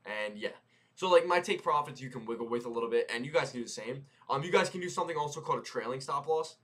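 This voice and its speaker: A young man talks through trades on a live stream in a casual, slangy voice. He repeats phrases and keeps asking "right?" as he explains. His pitch is average for a man. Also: expressive, fast, a bit bright. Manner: loose, slangy, repeats phrases, says "right?" and "boom" a lot. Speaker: day-trading streamer. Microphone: headset mic.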